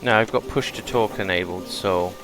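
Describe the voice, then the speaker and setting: A man's voice: deep voice, moderate pace, poor audio. A British man giving chatty gameplay commentary, explaining game mechanics as he plays. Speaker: gameplay streamer.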